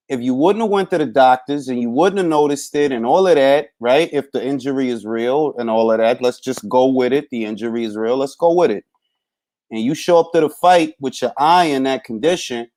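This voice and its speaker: Male live-stream host, easygoing chat, mid pitch. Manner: laid-back, shouts out viewers by name.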